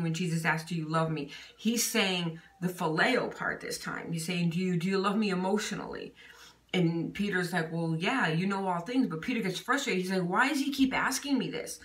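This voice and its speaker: Her voice is on the low side yet fairly bright, picked up from far away in a room with echo. She teaches the Bible informally, chatting with fillers like "you know" and "okay?".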